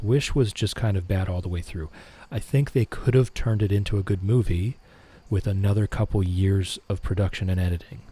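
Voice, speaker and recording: A middle-aged man hosts a laid-back live stream, reading out comments and answering each one. His voice sits low, with a mellow, slightly husky tone. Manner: relaxed, reads chat aloud and answers it.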